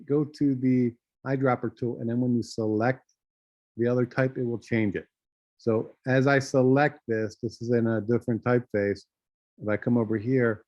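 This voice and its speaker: A man teaching a graphic design class, walking through software steps with a relaxed, thinking-aloud manner and many fillers. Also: medium pitch, no echo, muffled recording. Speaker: design instructor. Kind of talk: screen-share software tutorial.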